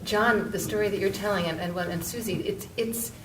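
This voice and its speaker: Woman, middle-aged, author on a panel, halting storytelling, distant mic, echoey room. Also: fairly bright tone. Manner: halting, many restarts and fillers. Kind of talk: conversational storytelling. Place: book event room, indoors. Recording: echoey room, mic far off, faint rumble.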